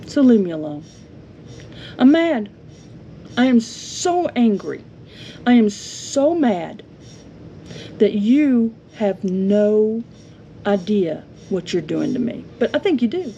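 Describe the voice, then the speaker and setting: A woman's voice: mid-range voice, mellow. A woman angrily venting at a neighbor, indignant and confrontational, in a home vlog. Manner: indignant, confrontational, rhetorical questions. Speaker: homestead vlogger. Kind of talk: angry venting monologue. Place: home with yard being mowed. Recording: dull lo-fi audio with faint noise.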